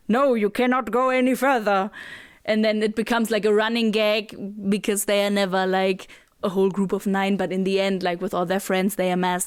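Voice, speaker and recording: A woman's voice: medium pitch, clean tone, no echo, clean studio sound. A German woman co-hosting a podcast, chatting with enthusiasm and many fillers. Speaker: podcast co-host. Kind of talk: casual chat.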